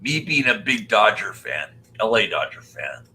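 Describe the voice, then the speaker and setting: A man's voice: lowish voice, very animated, moderate pace, pushed and bright, slight background noise, low-quality recording. An older man hosting a casual live stream, chatting and joking as he greets viewers by name. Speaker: live-stream host reading chat.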